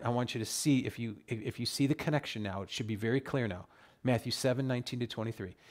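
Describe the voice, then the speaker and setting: A man teaches a Bible study in a mid-range voice, reading the verses slowly and pressing each point home with emphatic outbursts of wonder. His delivery swings between quiet explanation and loud, drawn-out emphasis. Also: medium pitch. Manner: emphatic, exclaims over scripture verses.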